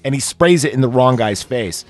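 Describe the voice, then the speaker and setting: A man's voice: medium pitch, expressive, normal speed, faint music behind. Rambling man retelling a movie. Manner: rambling with many fillers, acting out quoted lines. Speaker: podcast host. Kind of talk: casual chat, retelling a movie scene.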